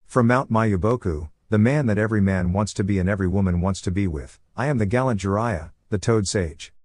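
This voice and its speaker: A man's voice: fairly low pitch, brisk, darkish tone, no echo, studio quality, natural voice. A man voicing a lecherous, boastful older male sage who talks in an offhand way.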